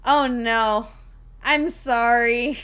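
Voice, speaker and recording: A woman's voice: on the high side, fairly even intonation, very slow, fairly bright tone, clean tone. Giggly, rambling woman streamer. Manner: rambling, giggly, many fillers and restarts. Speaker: streamer and tabletop player. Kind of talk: casual live-stream chat with viewers.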